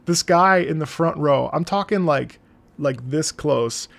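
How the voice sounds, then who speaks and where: Guy on a stream rambling and laughing, gravelly voice, a bit high, swears a lot. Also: unhurried, a bit bright. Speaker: streamer reacting to music. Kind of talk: casual live-stream chat.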